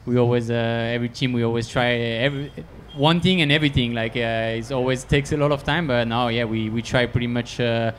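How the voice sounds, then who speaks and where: Male racer, mid-pitched, halting press-conference answers, faint background noise. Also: steady tone. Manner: halting, many filler sounds, uneven phrasing.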